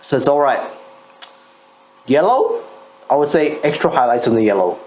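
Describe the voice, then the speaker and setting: A drunk man co-hosting a casual chat, tipsy and loud, swearing freely. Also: mid-range voice, sing-song, normal speed, low-quality recording. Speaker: co-host reviewing painted miniatures.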